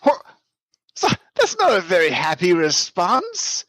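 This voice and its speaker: Animated woman playing a gushing character. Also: on the low side, measured pace. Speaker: player. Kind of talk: playing a character in a tabletop game.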